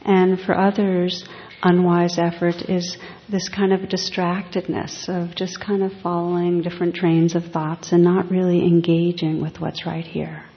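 A woman meditation teacher giving a dharma talk, speaking slowly and softly with reflective pauses. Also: on the low side, flat delivery. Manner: slow, soft, reflective, with long pauses. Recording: echoey hall, dull lo-fi sound.

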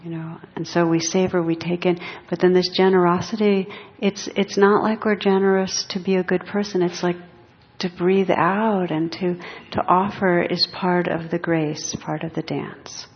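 Woman meditation teacher, unhurried and gentle, lower voice; dull lo-fi recording. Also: level tone. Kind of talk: dharma talk.

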